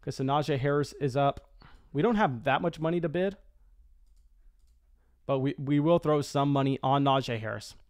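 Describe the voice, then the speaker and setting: A man giving live commentary on a fantasy football auction draft, talking quickly and excitably with frequent stammered restarts. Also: medium pitch.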